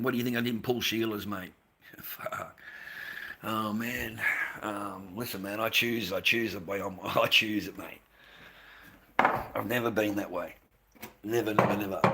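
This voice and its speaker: A man's voice: medium pitch, gravelly, very noisy. A middle-aged man, ranting bluntly and profanely on a casual livestream, rambling with stammered restarts. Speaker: livestream host.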